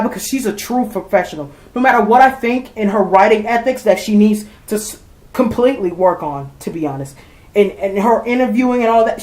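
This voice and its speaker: A woman's voice: medium pitch, a little mellow, echoey room, rough recording. A woman ranting heatedly to her viewers, swearing and repeating herself as she vents. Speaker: vlogger. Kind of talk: angry rant to camera.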